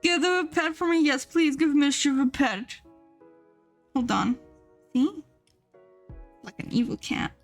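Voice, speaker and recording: A young woman streaming live, gushing excitedly over viewers' art and pets, swearing casually. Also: sits high, measured pace, long pauses, faint music behind.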